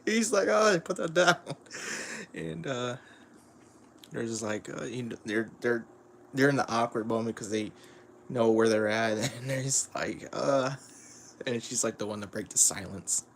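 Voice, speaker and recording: A man's voice: mid-range voice, measured pace, creaky, a little hiss or hum. A man streaming casual commentary on a manga, rambling with lots of fillers and frequent chuckles.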